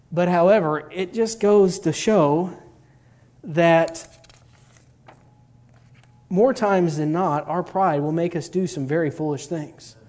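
A man's voice: on the high side, darkish tone. A middle-aged man, telling a rambling personal story in a sermon, full of fillers. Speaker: preacher.

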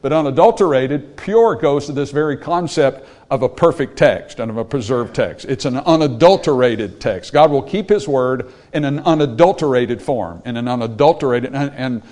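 A man's voice: medium pitch, animated, moderate pace, few pauses, darkish tone. Emphatic man preaching a sermon. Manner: emphatic, repeats words, asks the congregation questions. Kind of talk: sermon with slides.

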